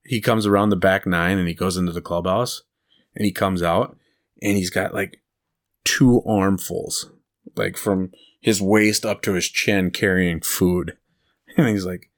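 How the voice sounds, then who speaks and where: Low-voiced man chatting on a podcast. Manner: rambling, laughs at his own stories. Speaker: podcast co-host. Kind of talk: casual chat.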